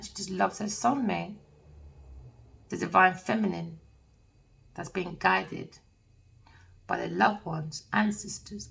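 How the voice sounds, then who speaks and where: A woman's voice: medium pitch, gravelly, distant mic, poor audio. A woman giving a casual tarot reading, rambling and emphatic with plenty of slang. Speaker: tarot reader.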